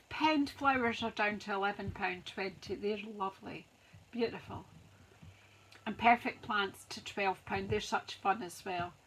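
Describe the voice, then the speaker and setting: A woman's voice: mid-range voice, fairly bright tone, slight background noise, rough recording. A woman hosting a live craft stream, chatting to viewers as she rattles off sale prices like an auctioneer. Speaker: craft demonstrator, host. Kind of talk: live-stream product walkthrough.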